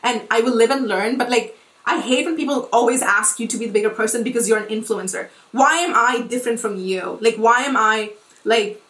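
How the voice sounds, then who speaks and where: Fast-talking young woman ranting heatedly. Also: on the high side, fairly bright tone, recorded from a distance. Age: 20s. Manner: fast, profane, emphatic, many likes and restarts. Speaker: podcast host and influencer. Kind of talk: heated casual rant. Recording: roomy echo.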